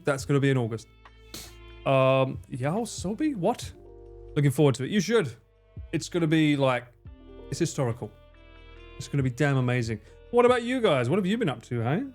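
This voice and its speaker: A man's voice: medium pitch, a little mellow. A man hosting a casual livestream, reading viewer messages with lots of swearing and self-mocking jokes. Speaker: livestream host.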